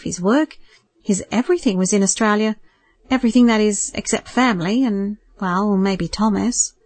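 Calm woman narrating a novel. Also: medium pitch, no echo. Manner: calm, measured storytelling. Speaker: audiobook narrator. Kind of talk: scripted narration.

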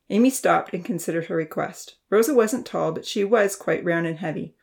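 A woman's voice: on the low side, normal speed, gravelly, hardly any pauses. Woman reading a children's story aloud. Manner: expressive, lively reading. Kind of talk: storybook narration.

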